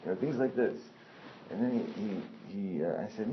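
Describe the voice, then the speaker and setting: Deep-voiced man, casual profane storyteller who rambles and self-corrects; muffled lo-fi recording. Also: expressive, moderate pace. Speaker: storyteller recounting a personal incident. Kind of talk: casual spoken anecdote. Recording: dull lo-fi sound with faint noise.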